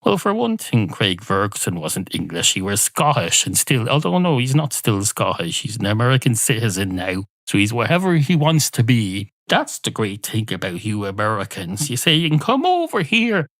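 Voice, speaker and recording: A man's voice: lowish voice, big pitch swings, normal speed, few pauses, fairly bright tone, no echo. An Irish man hosting a podcast, delivering a sardonic comic rant with a grumbling tone. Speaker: podcast host.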